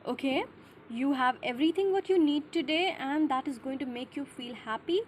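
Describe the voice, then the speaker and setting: A tarot reader offers short, intuitive messages for each zodiac sign, speaking directly and reassuringly to the listener in simple, slightly non-native phrasing. Her voice sits high, her pace is normal, and there's slight background noise.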